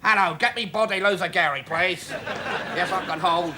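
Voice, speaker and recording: A man's voice: high-pitched, normal speed, a crowd in the background, lightly acted. An actor playing a seedy, unflappable middle-aged male showbiz agent in a sitcom, with a drawling, camp manner. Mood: businesslike. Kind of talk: sitcom acting. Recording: studio audience laughter, background hiss.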